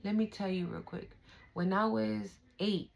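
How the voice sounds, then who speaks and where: A woman's voice: medium pitch, steady tone, unhurried, creaky, lo-fi sound, a little hiss or hum. A young woman giving a casual spiritual tarot reading, emphatic, emotional and profane, talking straight to her viewers. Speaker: tarot reader.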